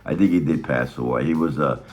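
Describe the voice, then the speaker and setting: A middle-aged man telling a childhood story in a casual, animated way, swearing a lot and acting out the other people's voices. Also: a bass voice, a little fast, dull audio, faint music behind.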